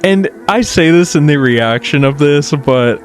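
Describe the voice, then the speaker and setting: Slow, profane, exasperated male reactor. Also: on the high side, lively intonation, soft background music. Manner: profane, exasperated ranting with frequent restarts. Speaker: video analyst reacting to a horror series. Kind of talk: casual reaction commentary.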